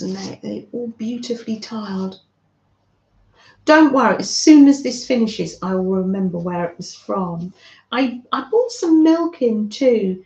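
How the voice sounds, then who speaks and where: A woman hosting a craft channel, chatting gently and fondly with viewers on a livestream. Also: mid-range voice, reverberant, poor audio. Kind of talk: casual livestream chat with viewers.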